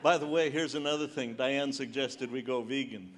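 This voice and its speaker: An older man doing stand-up storytelling as a Christian comedian, animated and acting out voices on a large conference stage. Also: medium pitch, normal speed, a little hiss or hum. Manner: animated, acts out voices and shouts punchlines.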